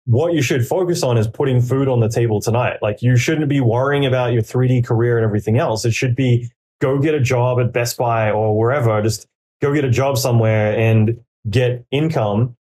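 Mellow-voiced man rambling through advice. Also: mid-range voice, brisk, breathy edge. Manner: rambling, filler-heavy, acts out quoted inner dialogue. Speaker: podcaster giving career advice. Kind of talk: casual conversational interview.

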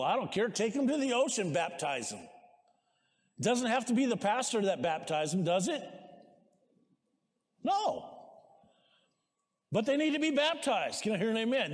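High-voiced man preaching in a big hall. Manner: exhorting, calls for amens, shouts at peaks. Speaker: pastor. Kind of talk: sermon. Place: church sanctuary. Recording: long reverb of a large hall.

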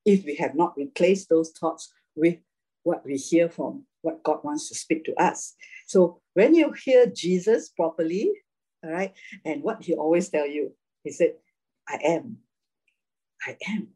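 A woman leads a casual Bible class. Her voice is mellow and a little husky. She talks in a chatty way, laughs a lot and keeps tagging her points with "right?". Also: on the low side, lively intonation, measured pace, poor audio.

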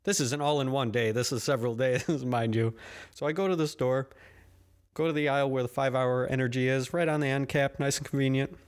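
A man's voice: medium pitch, steady tone, a little fast, clean tone. A man hosting his own podcast, ranting casually with profanity and self-deprecating asides. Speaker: podcast host. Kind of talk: casual solo podcast rant.

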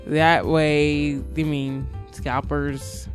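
A woman's voice: low voice, flat delivery, very slow, faint music behind. A woman co-hosting a casual family podcast, talking in a playful, teasing way. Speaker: podcast co-host. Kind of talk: casual chat.

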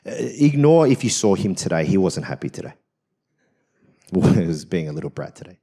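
A man's voice: sits low, very animated, moderate pace, dark tone, slightly rough. A man, a senior pastor at a church service, preaching a personal story in a conversational, self-mocking way with frequent tag questions.

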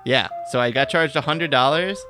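A man co-hosting a podcast in casual chat, delivering long aggrieved rants and deadpan, sardonic quips. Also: medium pitch, moderate pace, music in the background. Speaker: podcast co-host.

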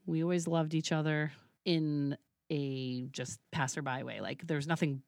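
This is a woman with a low voice, chatting as a podcast guest. She is animated, laughs often, and acts out the quoted dialogue as she goes. The recording is close and dry. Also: moderate pace, vocal fry, dry recording. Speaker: podcast guest, burlesque troupe founder. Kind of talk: casual interview storytelling.

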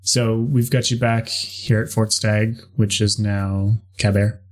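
A man with a flat, monotone way of talking, running a tabletop game as game master. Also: lowish voice, slow.

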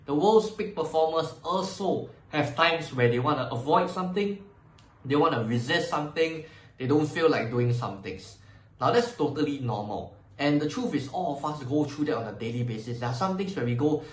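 A man's voice: on the high side, animated, brisk, reverberant, poor audio. A man hosting a motivational self-help podcast. He speaks conversationally and often acts out his own inner voice. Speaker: podcast host.

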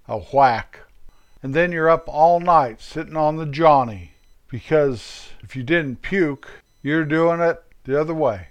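A man's voice: mid-range voice, clean tone. An older man rambles through a humorous story in a folksy, digressive way. He jokes as he goes and often wanders off topic before finding his place again. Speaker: vlogger.

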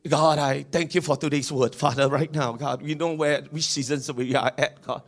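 A man leading a congregation in fervent prayer, repeating invocations and rising to shouts. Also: on the high side, steady tone, normal speed. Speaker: pastor. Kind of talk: sermon prayer.

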